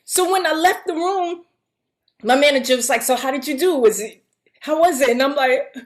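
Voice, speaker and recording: High-voiced animated woman telling a story. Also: normal speed. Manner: animated, acts out quoted voices, laughs often. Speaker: guest actress. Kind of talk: casual storytelling.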